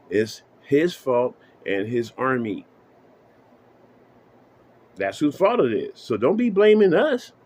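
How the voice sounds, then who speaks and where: A man's voice: lowish voice, a little hiss or hum. Man ranting casually to camera. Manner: profane, emphatic, repeats "you know what I'm saying". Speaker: vlogger.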